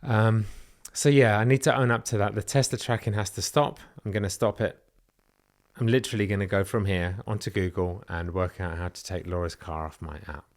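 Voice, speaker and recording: A man's voice: on the low side, fairly even intonation, fairly quick. A British man talking candidly in a personal vlog, confessional and a little nervous, often asking himself questions aloud. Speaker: vlogger.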